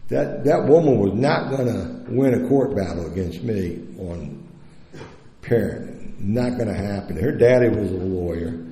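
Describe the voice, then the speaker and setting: A man's voice: lowish voice, animated, unhurried, mellow. A middle-aged man at a recovery convention telling his personal story in a blunt, profane and candid way, speaking into a podium microphone. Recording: echoey hall with long reverb.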